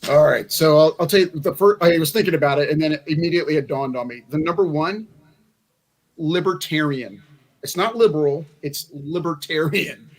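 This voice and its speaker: A man's voice: fairly high pitch, quick pace, hardly any pauses. A man, a former candidate for Congress, talking in a rambling, folksy way with many restarts on a convention panel. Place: convention meeting room.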